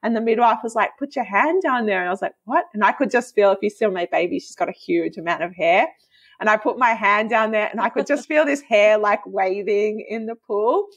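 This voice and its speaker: A woman in her thirties, chatting casually as a podcast guest and telling a story in a lively, giggly way with many fillers. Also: medium pitch, a little fast, husky. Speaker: guest, osteopath and movement coach.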